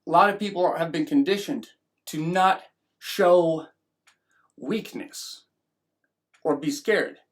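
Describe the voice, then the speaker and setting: A man's voice: fairly high pitch, slow, pauses often. A man giving a rambling opinion monologue as a vlogger, often restarting and acting out mocking voices.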